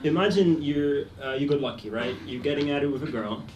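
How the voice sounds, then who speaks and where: A young man from Poland, doing a deadpan, self-deprecating stand-up set on a comedy club stage. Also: fairly high pitch, fairly quick. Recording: echoey club, mic at a distance, loud noise. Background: audience laughter.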